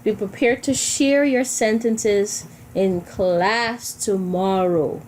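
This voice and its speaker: A woman's voice: mid-range voice, slow, darkish tone, slight background noise, poor audio. A woman teacher giving a recorded grammar lesson, explaining patiently and repeating key points for her students.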